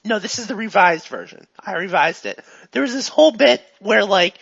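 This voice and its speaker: A game master voicing an excitable, pushy female TV star who gushes and swings between loud and hushed. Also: mid-range voice, normal speed, creaky, breathy edge, muffled recording, heavily acted. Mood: gushing. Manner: gushing, jumps from excited to hushed.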